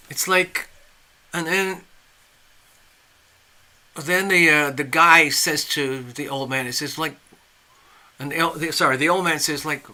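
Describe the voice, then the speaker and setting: On a live stream, a man giving tarot readings tells a story in a chatty, rambling style, full of restarts and asides. His voice is fairly high and sharp, at a normal speed.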